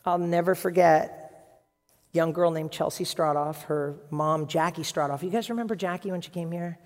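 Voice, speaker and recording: Pastor, sermon, dramatic storytelling, hushed then loud, long hall reverb. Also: medium pitch, normal speed. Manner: dramatic, acts out voices in quotes, swings from hushed to loud; conversational storytelling with restarts.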